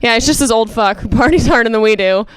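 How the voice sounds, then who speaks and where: A woman from Canada doing a stand-up comedy set, telling a story loudly with quick asides. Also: on the high side, smooth, dry recording. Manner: animated, loud storytelling with asides.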